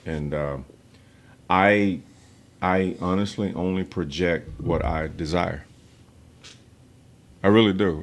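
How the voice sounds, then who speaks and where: Gravelly, blunt-talking man in his fifties. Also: sits low, slow, long pauses. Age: 50s. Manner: blunt, profane storytelling. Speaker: podcast host. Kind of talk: casual podcast chat.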